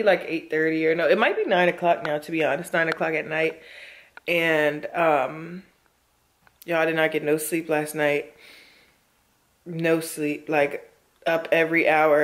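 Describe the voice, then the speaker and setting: A worn-out woman talking casually to her camera in a chatty, emphatic way, often speaking straight to her viewers. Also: deep voice. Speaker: vlogger.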